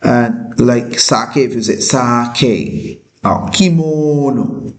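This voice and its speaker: Slow, hesitant male teacher in an echoey room. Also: mid-range voice. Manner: slow, hesitant, many fillers. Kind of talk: classroom lecture.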